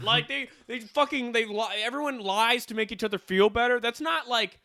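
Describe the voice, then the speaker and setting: A man's voice: high voice, animated, fast talker, hardly any pauses, bright, forceful tone. A man co-hosting a comedy podcast, talking in casual banter, ranting and acting out quoted voices. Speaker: podcast co-host.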